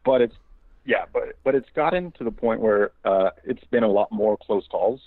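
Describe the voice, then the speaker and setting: A young male caller's voice comes through a thin, tinny phone line. He sounds hesitant and a little sheepish, filling his pauses with ums as he explains his problem. His pitch sits in the ordinary middle range.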